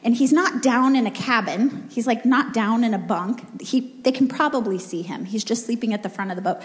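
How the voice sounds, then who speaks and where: A woman giving part of a sermon, retelling a story in a relaxed way with fillers. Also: fairly high pitch, normal speed. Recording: long reverb of a large hall.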